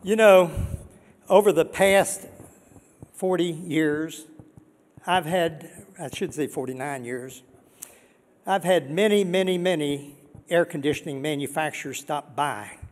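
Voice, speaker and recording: An older man giving an earnest, excitable award acceptance speech, repeating words for emphasis. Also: fairly high pitch, unhurried, long pauses. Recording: long reverb of a large hall.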